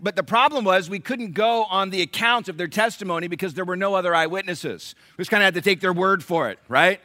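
Male pastor, middle-aged, high bright voice, dry close sound, lively sermon. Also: quick pace, no room sound. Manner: animated, conversational, quizzing the congregation. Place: church sanctuary.

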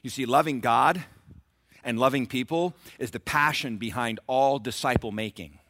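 A man's voice: medium pitch, moderate pace, a bit bright, no room sound, clean studio sound. Emphatic male pastor preaching. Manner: preaching with rising, emphatic surges and asides to the congregation. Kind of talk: sermon.

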